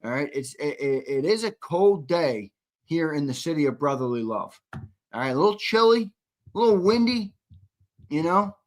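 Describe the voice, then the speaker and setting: A man's voice: on the high side, expressive, normal speed. A man hosting a live sports talk show, chatting casually and reading viewer comments aloud.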